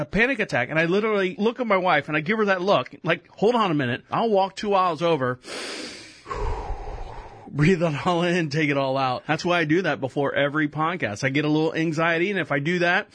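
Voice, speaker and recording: A man hosts his podcast in a loose, rambling way, now and then acting out quick voices and laughing through a story. His voice sits on the high side for a man. The sound is dry and close, with no room around it. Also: a bit bright, dry recording. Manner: rambling, acts out little voices, laughs often. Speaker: podcast host. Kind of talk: casual podcast monologue.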